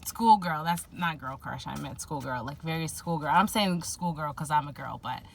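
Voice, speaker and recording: A woman's voice: low-pitched, normal speed, creaky, a little hiss or hum. A woman giving a casual spoken tarot reading, rambling and giggly, full of fillers. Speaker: tarot reader.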